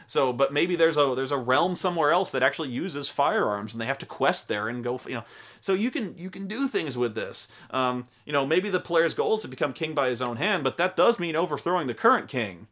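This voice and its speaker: A young adult male host with a fairly high, bright, expressive voice talks briskly about tabletop role-playing games. His casual talk is rambling and profane, packed with acted-out quotes.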